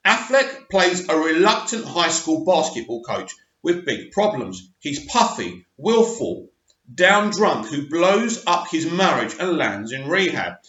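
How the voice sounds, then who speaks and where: A man's voice: fairly high pitch, big pitch swings, measured pace, fairly bright tone, reverberant, highs cut off. A man in his forties reading an article aloud and adding chatty asides, often stumbling and restarting. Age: 40s. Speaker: movie news vlogger.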